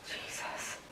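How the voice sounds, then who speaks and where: A woman's voice: pushed and bright, roomy sound, a little hiss or hum, rough recording. A young woman vlogging casually about a book she just read, emotional and teary, laughing often and dropping into whispers. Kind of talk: casual reading vlog.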